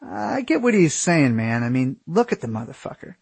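A man's voice: on the high side, big pitch swings, normal speed, creaky, a little mellow, slightly rough, no echo, pitched above the performer's own voice, full character voice. A man voicing an easygoing young male backpacker friend who speaks bluntly in casual slang.

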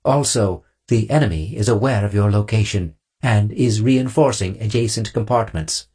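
A man voicing a calm, precise robotic ship computer, speaking in a slow, measured, formal way in an audiobook. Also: on the low side, slightly rough.

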